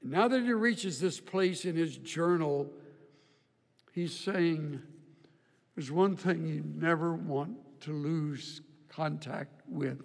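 Older male preacher, slow and high. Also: vocal fry, long reverb tail. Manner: folksy storytelling with humor, repeats words. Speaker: pastor. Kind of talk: sermon. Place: church auditorium.

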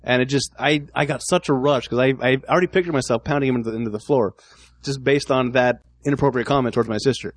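A man's voice: medium pitch, fast talker, dry recording. A man chatting casually on a podcast, telling stories with a laugh and steering the talk with questions. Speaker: podcast co-host. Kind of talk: casual chat.

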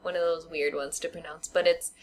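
A woman's voice: low voice, little pitch movement, brisk, slight background noise. A woman co-hosting a podcast in casual chat, talking with many "like" and "you know" fillers. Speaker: podcast co-host.

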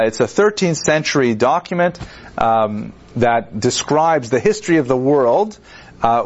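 Male lecturer, chatty and digressive, mid-pitched, lo-fi classroom tape. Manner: digressive, conversational, with many fillers and restarts; acts out quoted figures with wry humor. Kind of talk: university lecture.

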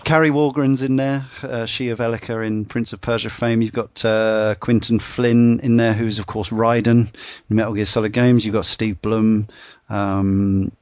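A man's voice: fairly low pitch, little pitch movement, moderate pace, darkish tone, no echo. A man hosting a casual discussion, rambling with many fillers and restarts. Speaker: podcast host. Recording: dull dry lo-fi sound.

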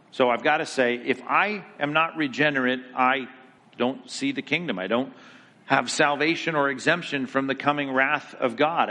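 A man's voice: medium pitch, bright, forceful tone, big-room sound. A man giving a theology lecture to a class, emphatic and conversational, asking the students questions as he goes. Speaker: Bible teacher.

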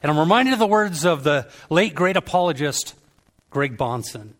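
A middle-aged man preaching a sermon, telling stories and acting out quoted voices with lively energy. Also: fairly high pitch, normal speed.

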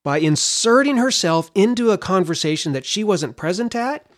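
A man's voice: high voice, normal speed. A man teaching a Bible passage in an explanatory way, often repeating a word as he thinks. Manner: animated, explanatory, repeats words while thinking.

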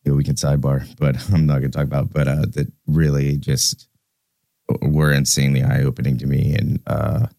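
A man's voice: extremely low pitch, little pitch movement, a little fast, vocal fry, mellow, no echo, studio quality. A man in his thirties co-hosting a podcast, talking candidly in a casual way, swearing freely and often restarting his sentences. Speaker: podcast co-host.

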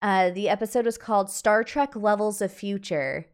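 A woman's voice: mid-range voice, normal speed, smooth. A woman co-hosting a podcast in casual chat, asking questions and giving short agreeing replies. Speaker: podcast co-host.

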